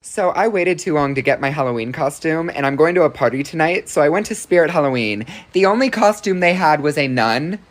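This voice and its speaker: A woman's voice: sits low, expressive, fairly quick, hardly any pauses. A woman telling a short comic story in an exasperated, complaining way. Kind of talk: casual comedy skit. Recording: noisy phone clip.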